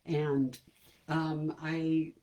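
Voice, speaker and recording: A woman hosts a comedy livestream from home, chatting casually to her viewers, poking fun at herself and laughing at her own jokes. Her voice is low and warm, with a flat delivery and an extremely slow pace. The recording, made on a computer camera mic, sounds muffled.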